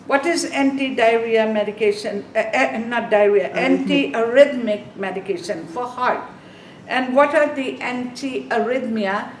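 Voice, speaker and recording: A fairly high-voiced woman teaches a nursing exam review. She fires questions at the class and repeats each key term, with non-native grammar. Her voice is caught from a distance in an echoey room, with faint room noise behind it. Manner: drilling questions, repeating key terms for students to write down.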